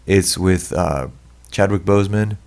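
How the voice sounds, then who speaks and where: A man co-hosting a podcast, talking in casual chat, animated and mocking, swearing freely. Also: deep voice, a little slow. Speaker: podcast co-host.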